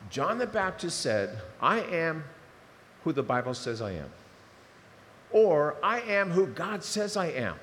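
A man preaching a sermon, animated and emotional, swinging between loud fervor and hushed asides. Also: high-pitched. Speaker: pastor. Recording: reverberant hall with faint noise.

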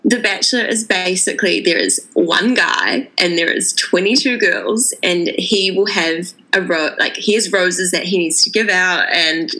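A woman from New Zealand with a New Zealand accent, a guest in a casual interview, relaxed and easygoing. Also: fairly low pitch, a little slow, hardly any pauses, low-quality recording. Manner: relaxed and easygoing, laughs at herself. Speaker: podcast guest.

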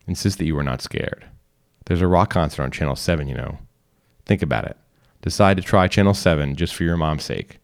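A man reading a short story aloud in calm, instructional second person. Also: rumbling low, a little fast, vocal fry. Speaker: reader. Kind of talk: scripted narration.

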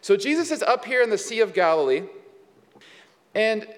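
A man with a high voice preaching to his congregation in a relaxed, chatty way, sprinkling in asides and questions. His words trail off in a long hall reverb. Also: moderate pace. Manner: conversational, with many fillers and asides. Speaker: pastor. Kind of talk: sermon.

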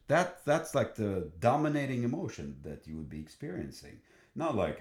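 A man's voice: mid-range voice, sing-song, darkish tone, roomy sound. A man who sings in a choir, telling an enthusiastic story in conversation, often restarting his sentences. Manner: enthusiastic, halting with many restarts and fillers. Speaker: choral singer.

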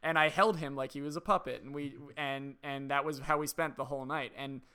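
A man's voice: medium pitch, fairly even intonation, brisk, pushed and bright, echoey room. A man co-hosting a podcast, telling stories in casual chat and laughing often. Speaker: podcast co-host.

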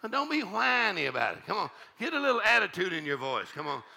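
A man preaching a church sermon, swinging from fiery shouted exhortation to folksy, laughing storytelling. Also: high-pitched, huge pitch swings, fast talker, vocal fry. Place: church service.

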